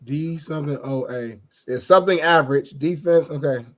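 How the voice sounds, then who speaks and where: A man's voice: fairly high pitch, normal speed, lo-fi sound. A man co-hosting a sports talk show, arguing back firmly and calling his partner homie. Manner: firm, pushes back, keeps saying homie.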